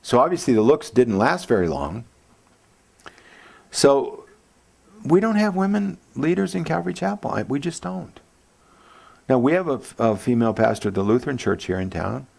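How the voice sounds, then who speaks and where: A man preaching a church sermon as pastor, casual and joking, acting out quotes in lively voices. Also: moderate pace, creaky, long pauses. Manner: animated, jokey, acts out quotes with big pitch jumps.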